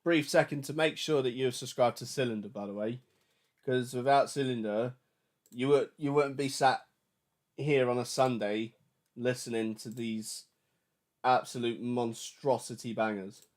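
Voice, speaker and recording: A man chatting loosely and excitedly while producing music on a livestream, with slangy, jokey banter. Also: medium pitch, measured pace. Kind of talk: casual livestream chat.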